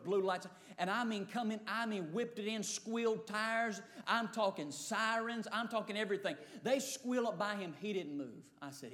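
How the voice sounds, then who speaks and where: High-voiced man, drawl, preacher, comic storytelling, lively quoted voices. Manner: animated Southern drawl, acting out quoted voices.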